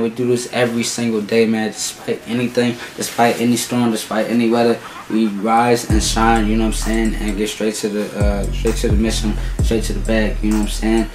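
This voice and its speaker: A man's voice: on the low side, level tone, normal speed, hardly any pauses, echoey room, over music, poor audio. A man hosting a casual reaction vlog, stuffy from a cold, laid-back and repeating himself. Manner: laid-back, repeats "you know what I'm saying". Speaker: YouTube reaction host.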